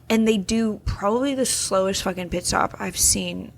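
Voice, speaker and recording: A woman co-hosting a podcast in casual chat, animated and swearing freely as she talks. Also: on the high side, moderate pace, few pauses. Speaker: podcast co-host.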